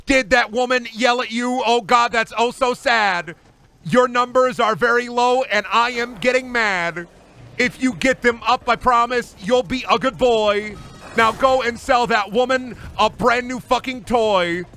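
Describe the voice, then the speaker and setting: A man's voice: extremely high pitch, moderate pace, pushed and bright, smooth, faint music behind, pitched above the performer's own voice. A man voicing a pushy, overexcited male retail manager in a sing-song, rhyming way. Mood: fake chipper. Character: shouty upbeat male retail boss.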